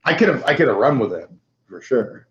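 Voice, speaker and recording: A man's voice: mid-range voice, very animated, normal speed, a bit bright, dull audio, slight background noise. A middle-aged Canadian man with a Canadian accent, hosting a casual chat and telling rambling, profane stories. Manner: profane, rambling storyteller with acted-out voices. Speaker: host.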